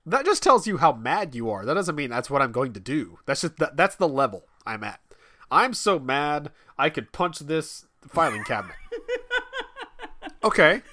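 A man in his thirties chatting casually, wry and laughing often, his voice trailing off quietly at the ends of thoughts. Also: a little high, very animated, normal speed. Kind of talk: casual chat.

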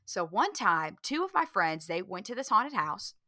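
A woman's voice: mid-range voice, normal speed, no echo, clean studio sound. A woman co-hosting a casual chat podcast, telling stories and acting out voices. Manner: animated storyteller, acts out voices in anecdotes. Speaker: podcast co-host.

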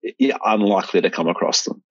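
A man's voice: deep voice, steady tone, quick pace, husky, no echo. A middle-aged Australian man in casual conversation, rambling with restarts and fillers. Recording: dull, lo-fi sound.

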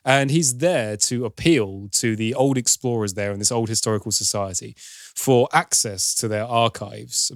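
A man's voice: fairly low pitch, fairly bright tone, no room sound, studio quality. A man hosting a podcast, casually recounting a film's plot in a wry, lightly sardonic storytelling manner. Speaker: podcast host recapping a film. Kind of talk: casual film recap chat.

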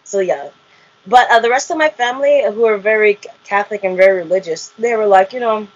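Husky woman telling an animated story. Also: mid-range voice, fast. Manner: animated, acts out quotes, laughs often. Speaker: interview guest, reality show cast member. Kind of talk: candid storytelling interview. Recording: muffled lo-fi audio.

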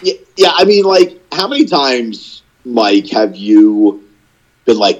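A man's voice: mid-range voice, very animated, slow, muffled recording. A young man co-hosting a casual podcast, telling stories in a rambling way with lots of filler words. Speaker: podcast co-host. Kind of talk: casual chat.

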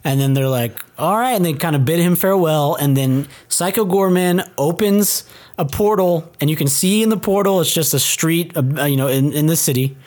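A man co-hosting a casual movie review podcast, chatting in a relaxed, laid-back way. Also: a little high, normal speed. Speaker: podcast co-host.

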